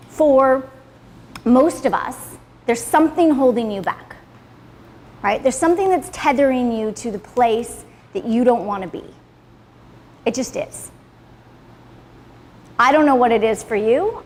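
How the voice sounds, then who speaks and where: This class leader's voice is on the high side, recorded in what sounds like a large hall with a faint hiss or hum. She gives a casual, blunt, and profane motivational talk to a live audience in a salon room, tossing in "right?" constantly.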